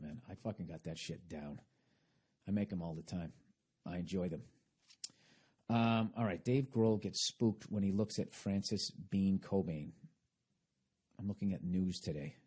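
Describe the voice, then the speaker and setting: A man's voice: low-pitched, warm tone, slightly rough. A man hosting a podcast, talking in a rambling, profane, sarcastic comedic monologue. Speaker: podcast host.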